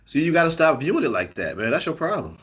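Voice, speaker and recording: A man's voice: a little high, sing-song, fast, fairly bright tone, husky. A man co-hosting a casual wrestling podcast, arguing his take with a playful laugh. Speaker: podcast co-host.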